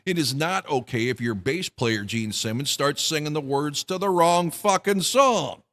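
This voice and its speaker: A man's voice: fairly high pitch, expressive, measured pace, fairly bright tone. A man hosting a rock music news show, ranting with heavy swearing and mocking quotes. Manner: profane, heated ranting with mocking put-on quotes. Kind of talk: ranting commentary.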